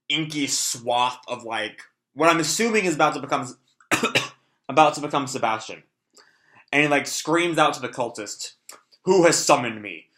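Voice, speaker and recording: A man rambles through a casual reaction to a comic chapter, filling his talk with fillers and offhand swearing. His voice is bright and forceful and sits at a middle pitch. A stuffy nose makes him cough now and then. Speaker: channel host reacting to a manga chapter.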